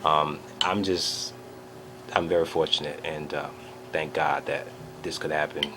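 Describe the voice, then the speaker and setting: A man vlogging an excited personal recap, telling a story with lots of fillers and acting out the quotes. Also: a bass voice, a little slow, background noise.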